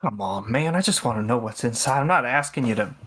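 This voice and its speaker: A man doing a wheedling con man who keeps pressing with friendly, pushy questions. The voice sits at an ordinary male pitch, close to the player's own, in a tabletop role-play. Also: lively intonation, brisk, fairly bright tone, slightly rough. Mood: coaxing. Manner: coaxing, pushy.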